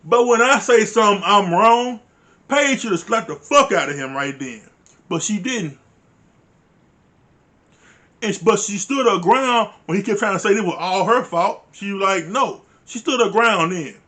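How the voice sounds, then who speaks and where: A man's voice: high-pitched, animated, unhurried, bright, forceful tone. A man giving a casual recap of a reality show, blunt, profane and exasperated, with informal grammar. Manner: uses informal dialect grammar. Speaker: reality TV reviewer.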